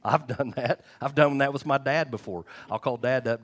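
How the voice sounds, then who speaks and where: A pastor preaching a sermon, candid and joking, with chuckled asides to the congregation. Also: male voice, mid-range voice, moderate pace.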